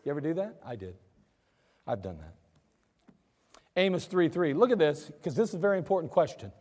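A man's voice: on the high side, very animated, fairly quick, darkish tone, in a large hall. A male pastor preaching a sermon in an emphatic, conversational way, acting out his listeners' objections. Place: church.

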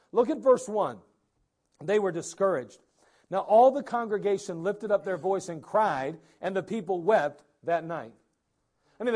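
High-voiced preaching man. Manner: animated preaching, acts out people's words. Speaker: pastor. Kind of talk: sermon.

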